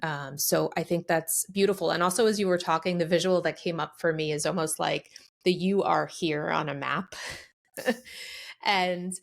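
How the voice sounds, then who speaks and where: Woman, podcast host, vocal fry, lowish voice, affirming, thoughtful pauses. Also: fairly even intonation. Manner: warm, affirming, thoughtful with hesitations. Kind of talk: casual conversational interview.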